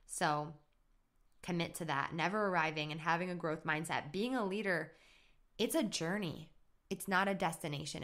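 A woman's voice: on the low side, a bit bright. A woman hosting a solo motivational podcast in an upbeat, chatty way, laughing at herself now and then. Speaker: podcast host.

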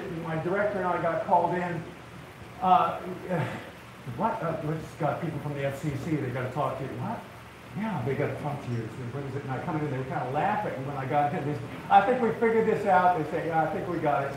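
An older man, a woodworking TV host, gives a humorous live talk to an audience in a large event hall, telling funny stories as a folksy storyteller who gets worked up. His voice is a little high, and the echoey hall, distant mic and audience noise are audible.

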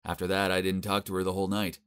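A young man narrating an animated story in a complaining, exasperated manner. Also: low voice, quick pace, clean tone.

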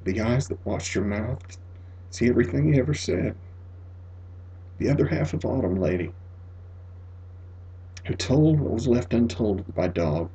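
Mellow, husky male storyteller. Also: mid-range voice. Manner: measured, expressive, dropping to a near whisper in sad passages. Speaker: audiobook reader. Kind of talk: literary audiobook narration.

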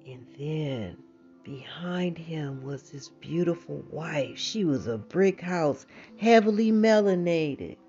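A woman narrating a bedtime story in a casual, colloquial, animated way. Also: low voice, slow. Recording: dull lo-fi sound, faint music.

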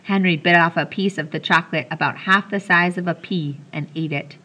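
A woman reading a children's novel aloud, telling the story gently and lightly voicing the characters. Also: lowish voice, brisk. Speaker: audiobook reader.

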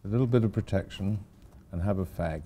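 A man's voice: sits low, brisk, mellow. An older man, an architect giving an informal lecture, rambling through anecdotes with wry asides.

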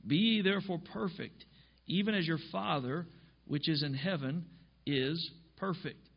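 A man's voice: on the high side, measured pace, creaky. A man pastor preaching a sermon emphatically, reading scripture aloud and explaining it. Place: church. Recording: dull lo-fi church recording.

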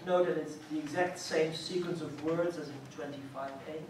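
A man's voice: on the high side, fairly even intonation. A man giving an academic colloquium talk, explaining step by step and checking in with "right?". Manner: measured, explanatory, frequent "right?" check-ins. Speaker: lecturer. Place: lecture room. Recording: echoey hall, mic far off, faint hiss.

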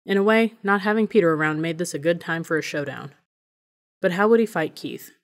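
A woman narrating an audiobook in a measured, even reading voice. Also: fairly low pitch.

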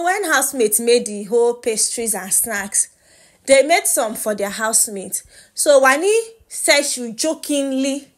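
Young Nigerian woman, gossip vlogger, slightly high voice, lively and laughing, drops Pidgin asides. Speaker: reality show gossip vlogger. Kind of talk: casual gossip recap.

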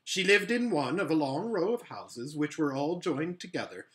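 A man narrating a children's novel aloud in an expressive, measured storytelling manner. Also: fairly high pitch. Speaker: audiobook reader.

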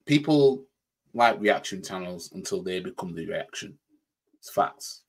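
A man's voice: low-pitched, expressive, a little slow, husky. A man with a Yorkshire accent hosting a reaction channel, talking through his thoughts in a rambling way and repeating words as he goes. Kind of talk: casual reaction commentary.

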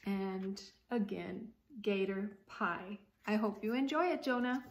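A woman reading a picture book aloud to a child, gentle and slow, stopping to explain. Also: mid-range voice, animated, vocal fry, slight background noise. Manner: frequent fillers before reading. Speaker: story reader.

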